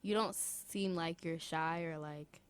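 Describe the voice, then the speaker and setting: A young woman with a somewhat low voice talks casually on a podcast. She hesitates and fills her sentences with "like". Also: takes it slowly, clean tone, dry recording. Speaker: podcast co-host. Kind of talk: casual chat.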